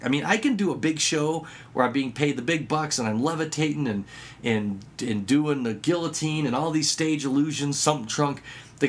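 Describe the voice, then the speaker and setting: A man explains how he connects with children through jokes, games and magic tricks. His delivery is instructional but playful, and his voice springs up sharply whenever he slips into the dialogue of his stories. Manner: lively storyteller who acts out dialogue with sudden pitch jumps. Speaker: children's ministry worker and magician. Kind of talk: instructional talk with anecdotes.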